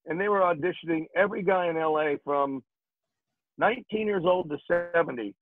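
A man's voice: a little high, fairly quick, no echo. An older man, a guest actor, telling jokey stories in a casual interview. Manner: jokey, animated storyteller. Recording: dry tinny phone-like sound.

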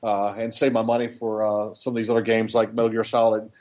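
A man's voice: lowish voice, completely flat delivery, fairly quick, a little mellow. A man chatting on a gaming podcast, easygoing and enthusiastic about games. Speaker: podcast co-host. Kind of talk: casual gaming podcast chat.

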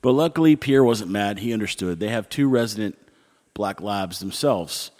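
A middle-aged man telling everyday stories in a wry, rambling, conversational way, with animated asides. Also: lowish voice, normal speed, long reverb tail. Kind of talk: casual storytelling.

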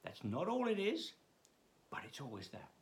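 A man giving a daily Bible devotional as pastor, halting with frequent restarts and briefly putting on mocking voices. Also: high voice, huge pitch swings, a little hiss or hum.

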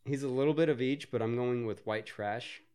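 A man's voice: mid-range voice, a little fast, darkish tone, clear, resonant tone. A man co-hosting a podcast, chatting casually while watching a movie, bantering, swearing and laughing. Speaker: podcast co-host.

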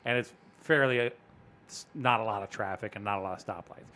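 A man, probably in his thirties, hosting a casual podcast and telling a story with animated delivery, acting out other people's lines. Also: fairly low pitch, a little fast. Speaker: podcast host. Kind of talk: casual chat.

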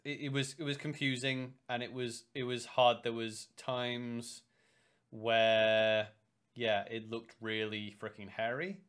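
A young man co-hosting a casual podcast, telling stories in an animated way and acting out the lines he quotes. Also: mid-range voice, takes it slowly, smooth. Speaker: podcast co-host.

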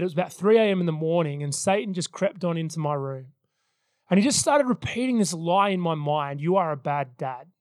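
A man's voice: sits high, a little mellow, no echo, studio quality. A man in his thirties preaching a sermon as pastor, telling personal stories in an earnest way. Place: church service.

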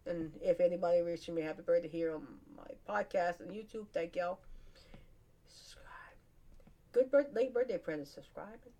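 A woman's voice: fairly low pitch, moderate pace, mellow. Chatty laughing woman with a twang. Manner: rambling, chatty, laughs often, casual slang. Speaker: podcast host. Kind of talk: casual solo chat.

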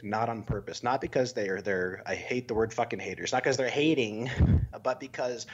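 Fast-talking preachy male co-host. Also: mid-range voice, breathy edge, muffled recording. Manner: preachy, emphatic, swears. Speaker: podcast co-host. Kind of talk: motivational podcast talk.

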